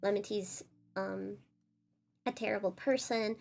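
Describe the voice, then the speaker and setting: A woman's voice: medium pitch, steady tone, measured pace, creaky, a little mellow. A woman imitating a defensive, spiteful young woman who badmouths a friend and denies everything, in an indignant, dismissive tone. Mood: defensive, scornful.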